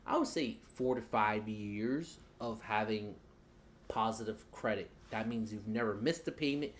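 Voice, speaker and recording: A man's voice: fairly low pitch, a little hiss or hum. Chatty man explaining credit on a live stream. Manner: loose, chatty, talks while fumbling with the screen.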